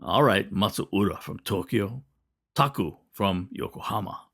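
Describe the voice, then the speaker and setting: Man doing a grunting, gruff worker. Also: animated, a little slow, fairly bright tone, exaggerated voice. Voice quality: grunting, rumbling. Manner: curt, short sentences. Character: gruff male cannery worker, blunt and teasing.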